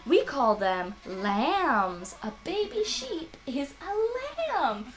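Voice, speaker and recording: A woman's voice: high-pitched, very animated, extremely slow, slight background noise. A woman teaching English to children, patient and encouraging, with playful animal sounds. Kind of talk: children's ESL lesson.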